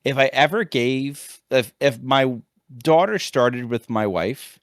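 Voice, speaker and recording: A man in his thirties from the United States, a teacher co-hosting a podcast, telling a casual story in a rambling, animated way with many restarts. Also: mid-range voice, slow pace, no echo, studio quality. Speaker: podcast co-host, high school teacher. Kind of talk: casual chat.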